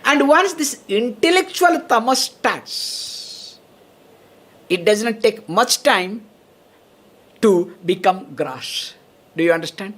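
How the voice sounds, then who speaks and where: A woman's voice: medium pitch, fairly bright tone. A woman teaching Vedanta as a swami, often checking in with her listeners and laughing between points. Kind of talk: spiritual lecture.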